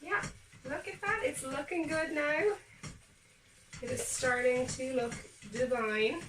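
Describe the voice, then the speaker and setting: Bright-voiced woman vlogging in an echoey kitchen. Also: high-pitched, takes it slowly. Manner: chatty, upbeat, talking to viewers while cooking. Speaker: home baking vlogger. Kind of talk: casual cooking demonstration. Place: home kitchen. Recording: echoey kitchen, mic a bit far off.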